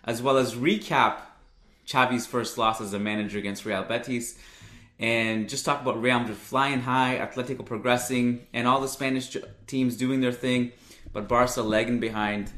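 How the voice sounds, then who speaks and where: An upbeat man hosts a podcast and reads an ad with a joking tone. His voice sits at a middle pitch, and the room gives it a noticeable echo. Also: fairly bright tone. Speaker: podcast host. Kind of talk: casual podcast chat and ad read.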